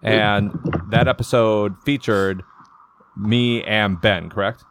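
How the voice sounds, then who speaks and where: A man's voice: fairly low pitch, steady tone, slow pace, fairly bright tone. A man hosting a podcast, chatting casually with friends and rambling through his thoughts, often correcting himself mid-sentence. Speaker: podcast host. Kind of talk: casual chat.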